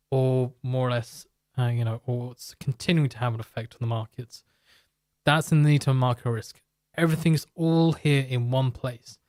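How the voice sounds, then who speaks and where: A man's voice: medium pitch, dry recording, clean studio sound. A man hosting a live market stream, explaining in a loose, rambling way and joking with chat viewers. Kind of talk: live market commentary and product pitch.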